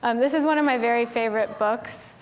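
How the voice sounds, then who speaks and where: Fairly high-pitched and brisk, a Tennessee woman delivers a casual talk from a conference stage. Her style is chatty, with "like" and "um" coming up often.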